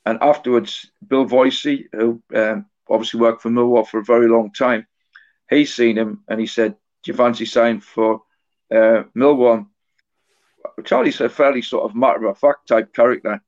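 A middle-aged man and author, a guest on a podcast interview, telling stories in a halting, anecdotal way. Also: medium pitch, steady tone. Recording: dull lo-fi podcast audio.

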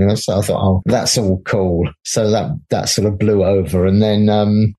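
Husky-voiced man telling a story. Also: fairly low pitch, fairly even intonation, normal speed, few pauses, dark tone. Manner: chatty storyteller who acts out quoted voices and laughs often. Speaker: graphic designer and film producer, guest. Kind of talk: casual anecdote-telling interview.

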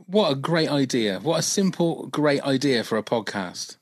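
A man's voice: mid-range voice, expressive, normal speed, no echo. Chatty man with a dry, close sound. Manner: rambling, enthusiastic, many fillers. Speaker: podcast co-host. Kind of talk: casual chat.

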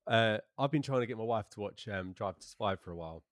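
A man's voice: on the low side, no room sound. A man in his thirties chatting on a podcast, telling stories with lots of stops and restarts. The recording is dry and close, with no room sound. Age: 30s. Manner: storytelling, halting restarts. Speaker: podcast co-host. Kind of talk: casual chat.

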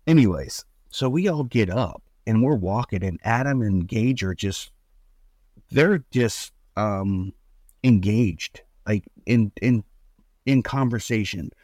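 A middle-aged man casually telling a story about his son, acting out the quotes with big pitch jumps. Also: a little mellow, no echo.

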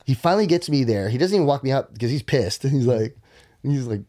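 A man sits at a podcast mic and tells a long, profane story with lots of energy. He jumps to a high voice when he quotes people and drops to a near whisper at the quiet parts. His voice sits at a middle pitch. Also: animated, fairly quick. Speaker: podcast guest. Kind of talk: casual storytelling.

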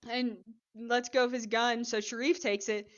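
A woman with a fairly high voice recaps a TV episode in casual podcast chat. She tells it in an animated way, acting out the lines. The recording is a little dull and lo-fi. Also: moderate pace. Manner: chatty, animated retelling with acted quotes and laughs. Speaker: podcast co-host.

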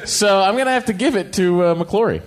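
A man's voice: high-pitched, brisk. A man appearing as a guest on a live podcast, making wry jokes about a film. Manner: wry, joking. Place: theater stage before a live audience.

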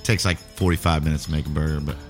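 A man's voice: very deep voice, fairly even intonation, very fast, faint music behind. A man co-hosting a casual podcast chat, laid-back and rambling, full of filler words. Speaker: podcast co-host.

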